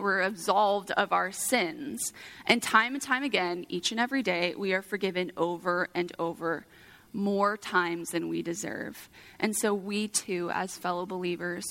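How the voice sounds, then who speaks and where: A woman's voice: mid-range voice, a bit bright. A young woman giving an earnest sermon, mixing scripture with a personal story and casual fillers. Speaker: preacher.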